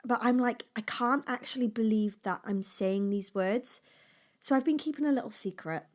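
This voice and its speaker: A woman's voice: a little high, normal speed. A young adult woman hosting her own podcast from home, talking openly and emotionally with restarts, her voice dropping at times to a near whisper. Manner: open, emotional, fillers and restarts, shifts between bright and near-whispered. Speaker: podcast host and small business owner. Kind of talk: casual personal podcast talk.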